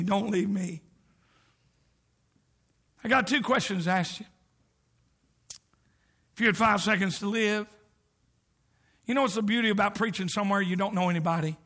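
A middle-aged man preaching a sermon as a visiting preacher, with whoops and shouts that drop to near whispers. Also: high-pitched, fairly quick, long pauses.

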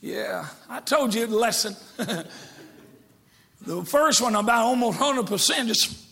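A male evangelist preaching a sermon, breaking into shouts and dropping to hushed quotes, with joking asides to the congregation. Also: very high voice, measured pace, vocal fry.

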